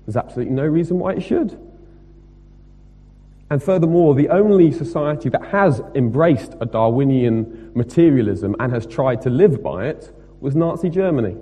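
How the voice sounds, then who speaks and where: A man preaching a sermon, emphatic and rhetorical, moving between loud stressed points and quieter asides. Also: medium pitch, normal speed, faint music behind. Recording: long reverb of a hall.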